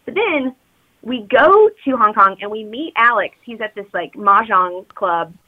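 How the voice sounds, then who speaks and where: A woman's voice: fairly high pitch, lively intonation, a little slow, phone-quality sound. A woman co-hosting a podcast, recapping a movie as a chatty, rambling storyteller. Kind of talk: casual chat recapping a movie.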